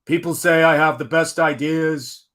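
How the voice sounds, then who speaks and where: A man's voice: a little high, steady tone, measured pace, fairly bright tone, voice pushed up. A man doing a loose impression of a boastful older male politician who brags in an exaggerated drawl.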